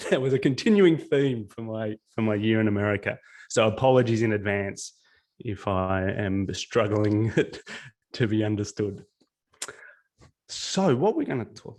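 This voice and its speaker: An Australian man speaking in a fairly low voice on a live video-call webinar. He is chatty and self-deprecating, with an easy storytelling manner. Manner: chatty, self-deprecating, laughs while telling stories. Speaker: guest speaker, co-founder.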